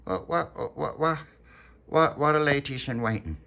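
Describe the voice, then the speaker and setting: A man's voice: medium pitch, lively intonation, moderate pace, creaky, pushed and bright, pitched above the performer's own voice. A man voicing a reluctant little boy who stammers and gives in easily, in a told story. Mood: hesitant. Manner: hesitant, stammering.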